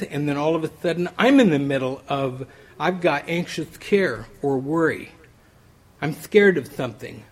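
A man preaching a sermon in a relaxed, conversational way, often restarting phrases. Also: fairly high pitch, husky. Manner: conversational, many restarts and "you know".

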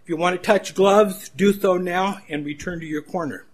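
A man doing a firm fight referee. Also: high voice. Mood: commanding. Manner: brisk and commanding.

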